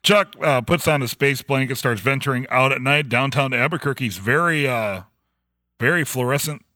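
A man's voice: mid-range voice, sharp tone, dry recording, clean studio sound. A man hosting a podcast, casually recapping a TV episode in a laid-back, jokey way. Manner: laid-back, jokey, retells plot in quick summaries. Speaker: podcast host.

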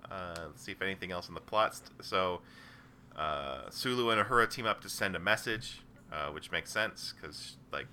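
A podcast host with a very low voice and a sharp, bright edge to it. He talks in casual chat and rambles through a recap with plenty of "uh". There is faint hiss behind him. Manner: rambling recap with many uh fillers.

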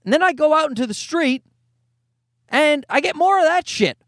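Comedian in his forties, podcast host, lively swearing storyteller, bouncy high voice, dry close mic. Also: moderate pace, dry recording. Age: 40s. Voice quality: animated, profane storytelling. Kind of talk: casual solo podcast monologue.

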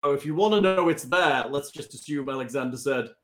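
A man with a slightly raised pitch runs a tabletop game, teasing his players and cursing freely. He rattles through rules text in quick bursts between the banter. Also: fairly bright tone. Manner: joking, profane, reads out rules quickly. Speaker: game master. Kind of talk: running a tabletop game over voice chat.

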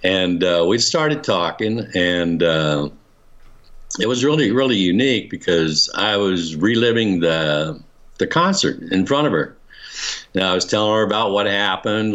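An older man with a deep, fairly bright voice is interviewed and tells a personal story. He rambles casually, restarting often and chuckling throughout, in a dull lo-fi recording.

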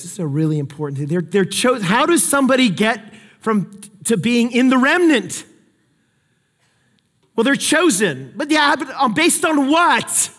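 A man with a fairly high voice preaches a sermon, retelling scripture with animated, emphatic energy. His words ring out with a long reverb in a large hall. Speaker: pastor.

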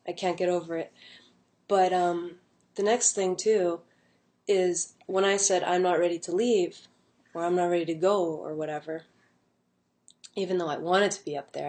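Young woman rambling thru a personal story at home, kinda low voice, lots of um and like. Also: a little mellow. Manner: rambling, many fillers and restarts. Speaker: vlogger.

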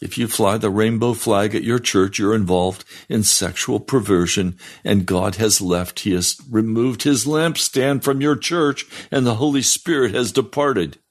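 A male pastor preaching a broadcast sermon, fiery and reading scripture aloud, rising in pitch on pointed questions. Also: measured pace, hardly any pauses. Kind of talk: radio sermon.

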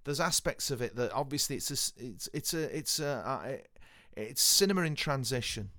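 A man from Northwest England chatting casually about films, animated, repeating words for emphasis and swearing now and then. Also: mid-range voice, moderate pace, no room sound, studio quality. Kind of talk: casual film chat.

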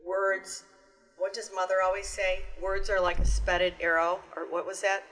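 A woman co-hosting a relaxed talk show with her sisters. She reads a list out loud and breaks into quick impressions of scolding parents. She talks at an everyday mid pitch. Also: soft background music. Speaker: co-host. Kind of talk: casual chat.

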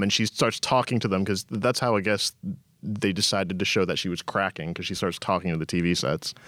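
A man in his forties, a podcast guest, talking in a relaxed, rambling way full of "like". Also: fairly low pitch, clean tone, no echo, studio quality. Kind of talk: casual chat.

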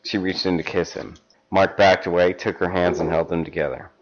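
A man's voice: deep voice, flat delivery, a little fast, lo-fi sound. A man reading a story aloud in a mock-dramatic way, often breaking into laughter, as a podcast host.

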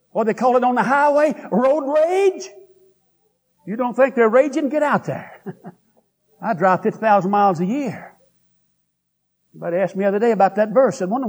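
A man preaches in a husky, fairly high voice. He is folksy and emphatic, swinging from high exclamations to low, heavy asides. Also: a little mellow. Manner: folksy and emphatic, with pitch that leaps up and sinks low. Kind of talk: revival-style sermon.

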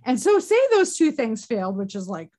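Earnest woman, halting emotional talk. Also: fairly high pitch, sing-song, warm tone. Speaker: podcast conversation participant. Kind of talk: candid personal conversation.

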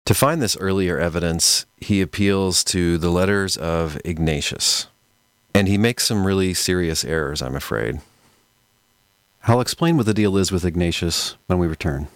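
A man hosting a podcast, explaining history in a measured, scholarly, conversational way. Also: sits low, no room sound, clean studio sound. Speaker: podcast host. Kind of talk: explanatory lecture-style podcast talk.

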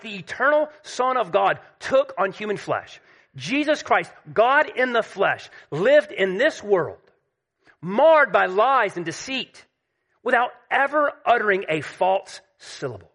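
Bright-voiced emphatic male preacher. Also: high voice. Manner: emphatic, dropping to a hush at key points. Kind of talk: sermon.

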